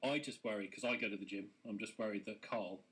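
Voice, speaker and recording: An English man co-hosting a local radio comedy show, firing off quick deadpan jokes and silly asides from a studio. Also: on the low side, slightly rough. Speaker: radio co-host. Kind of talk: casual comedy chat.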